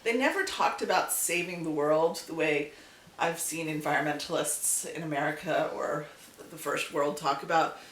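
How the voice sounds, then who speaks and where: A woman with a deep voice tells a folk tale at a moderate pace as host and storyteller of a casual vlog channel. Her telling is animated and repetitive, full of asides. The recording is echoey, with a distant mic and faint hiss.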